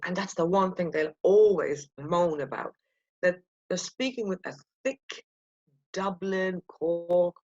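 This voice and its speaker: A woman speaks with strong, indignant emphasis. Her voice sits fairly low and comes through a dull, lo-fi recording.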